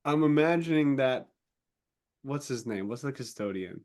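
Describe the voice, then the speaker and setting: A man co-hosting a casual book podcast, with a voice of ordinary pitch. He retells scenes with animated energy, acting out the characters' lines and swearing now and then. The tone is loose, friendly chat. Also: moderate pace. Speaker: podcast co-host.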